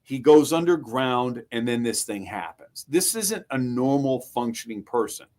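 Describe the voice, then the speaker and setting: A middle-aged man with a mid-range voice co-hosts a casual true-crime talk show. He speaks as a trial lawyer, measured and explanatory. Now and then he tells his own courtroom anecdotes. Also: medium pitch, expressive, darkish tone. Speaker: podcast co-host, trial lawyer. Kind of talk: casual legal commentary.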